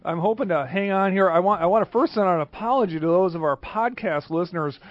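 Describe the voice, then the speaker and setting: A man's voice: high voice, fast talker, no echo. Rambling male radio host, lo-fi sound. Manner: rambling, hesitant, many fillers. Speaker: radio tech show host. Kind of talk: casual radio chat. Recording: dull lo-fi radio recording with music.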